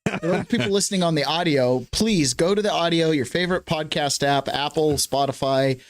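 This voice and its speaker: A man's voice: on the high side, brisk. A man hosting a casual morning podcast, chatty and laughing, rambling with restarts, with the hiccups today. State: has the hiccups. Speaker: podcast host.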